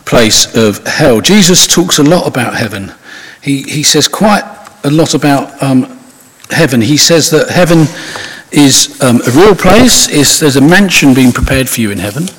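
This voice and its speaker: A man's voice: medium pitch, expressive, moderate pace. A man giving an informal, conversational sermon, rambling with restarts and asides. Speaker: preacher. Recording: husky voice in long hall reverb.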